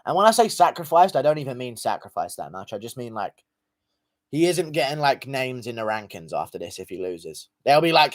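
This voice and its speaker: A man's voice: medium pitch, expressive, fairly quick. A man hosting a casual livestream, thanking donors and giving loose, profane takes in a rambling, laid-back way. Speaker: livestream host reading donations.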